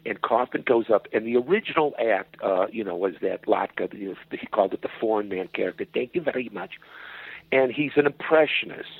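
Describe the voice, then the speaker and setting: A man's voice: lowish voice, brisk, vocal fry, hardly any pauses, husky, no echo. A male guest telling an anecdote over the phone, acting out voices and swearing freely. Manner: animated storyteller, acts out voices, swears freely. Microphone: telephone. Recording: dull, dry phone line.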